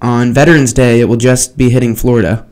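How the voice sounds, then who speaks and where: A man co-hosting a casual podcast, talking in a relaxed way that stops and restarts often. His voice sits at an ordinary male pitch. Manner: relaxed, halting, with fillers and laughs. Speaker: podcast co-host. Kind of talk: casual chat.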